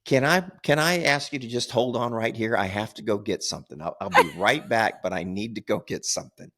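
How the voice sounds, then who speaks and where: An older man with a fairly low voice tells a long story in a loose, rambling way. He repeats himself and laughs at his own anecdotes as a podcast co-host. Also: a little fast, pushed and bright. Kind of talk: casual storytelling.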